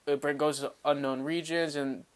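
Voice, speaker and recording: A man co-hosting a fan podcast in a smooth, resonant voice. He works through his thoughts out loud in a steady, earnest way and keeps the tone casual. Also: fairly high pitch, normal speed. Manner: reasoning things out, earnest. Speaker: podcast co-host.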